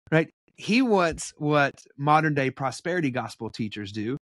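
A man with a slightly high voice gives a casual Bible lesson, talking in a loose, conversational way with blunt asides. He sounds animated and direct. The recording is dry and close, with no room sound. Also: moderate pace, hardly any pauses, dry recording. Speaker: Bible teacher. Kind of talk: casual preaching and Bible study.

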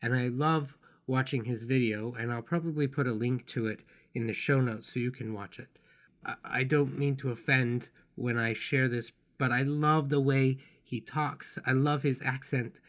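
A man hosting his own podcast, telling personal stories in a gentle, unhurried, tender way. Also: mid-range voice, steady tone. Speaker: podcast host and author. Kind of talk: reflective personal podcast monologue.

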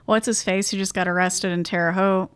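A woman co-hosting a podcast in relaxed, jokey chat. She jumps in with quick asides and laughs easily. The sound is dry and close to the mic. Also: mid-range voice, smooth, no room sound. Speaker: podcast co-host.

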